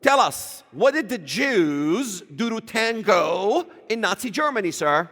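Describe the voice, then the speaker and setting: High, animated preaching man in a church. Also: takes it slowly. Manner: emphatic, combative, rising to shouts. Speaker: guest speaker in church. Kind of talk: fiery preaching talk. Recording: reverberant church hall.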